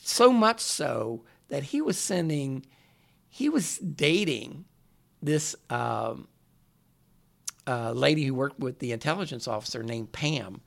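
A man's voice: medium pitch, takes it slowly, gravelly. A man co-hosting a casual chat, explaining a story at an easy pace. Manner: relaxed storyteller, explains at length. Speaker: podcast co-host.

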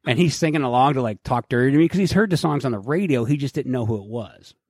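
A middle-aged man co-hosting a podcast, telling a profane story in a casual, animated way and acting out what people said. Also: mid-range voice, fast talker, no echo, clean studio sound. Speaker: podcast co-host.

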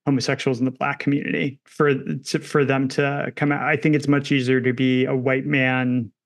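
A man co-hosting a film podcast, calmly breaking down camera work and themes of a movie. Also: mid-range voice, normal speed. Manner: analytical, talks through film technique. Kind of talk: casual film discussion.

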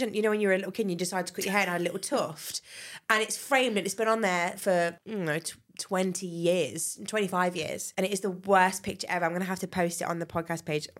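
A woman in her thirties co-hosting a casual chat podcast, giggly and frank, breaking into loud laughter and swearing freely. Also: mid-range voice. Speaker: podcast co-host.

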